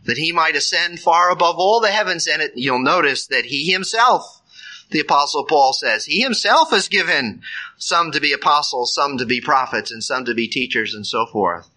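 A man's voice: a little high, lively intonation, normal speed, sharp tone, low-quality recording. A man preaching a sermon in an earnest, emphatic way, rising sharply on key phrases.

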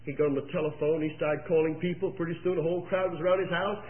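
A man preaching an impassioned sermon, telling a long story and rising to near-shouts at its peaks. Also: on the high side, fairly even intonation, fast. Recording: echoey, tinny phone-like old tape.

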